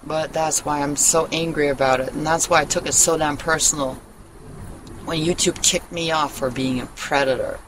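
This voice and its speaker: Talking from his home in Germany, this vlogger delivers a rambling, profanity-heavy monologue, frequently losing the thread and restarting. His medium-pitched voice keeps a fairly even intonation at a normal speed. The background is noisy.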